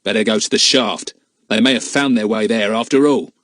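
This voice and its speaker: A man's voice: fairly low pitch, brisk, a bit bright, no room sound, close to an everyday voice. A calculating villain in a children's adventure story, read by a male narrator. He speaks plainly and coldly. His voice stays close to the narrator's own. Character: cold calculating grown man, a villain.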